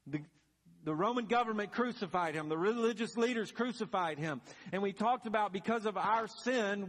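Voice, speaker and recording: A man's voice: high voice, fairly bright tone. A man preaching a sermon as pastor, telling the story dramatically and building to emphatic peaks. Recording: long reverb of a large hall.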